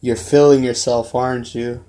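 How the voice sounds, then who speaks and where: A man's voice: mid-range voice, level tone, mellow, rough recording. A man co-hosting a sports podcast, blunt and profane in casual banter. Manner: blunt, profane, slow-spoken. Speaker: podcast co-host.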